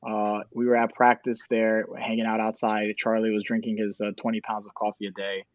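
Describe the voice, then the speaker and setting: Fast rambling male guest, dull dry mic sound, many restarts. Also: fairly low pitch, completely flat delivery, no echo. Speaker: documentary filmmaker guest. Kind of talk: casual interview storytelling.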